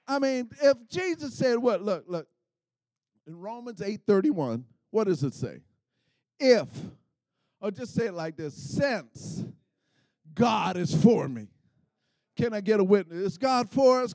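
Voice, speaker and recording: High-voiced preacher man, dry close sound. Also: big pitch swings, a little slow, pauses often, dry recording. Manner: call-and-response preaching, swelling to shouts. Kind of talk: sermon.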